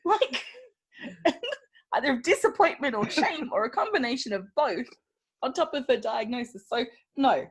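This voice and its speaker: A woman's voice: high voice, animated, moderate pace, husky. A woman co-hosting a podcast, chatting casually, laughing often and slipping into silly voices. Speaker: podcast co-host. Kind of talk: casual chat.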